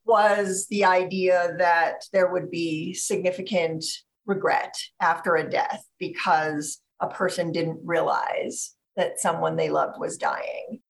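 A woman author being interviewed on a podcast, speaking in a measured, thoughtful way and slowing down to stress ideas. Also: on the low side, steady tone.

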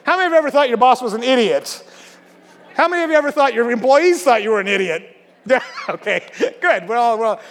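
A man's voice: extremely high pitch, lively intonation, a little fast, a bit bright, a little hiss or hum. A man delivers a sermon in a casual, conversational way. He teases the congregation and peppers his talk with ums and uhs. His voice carries a long reverb from the church hall. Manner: conversational, joking with the congregation, many fillers. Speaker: pastor. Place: church sanctuary.

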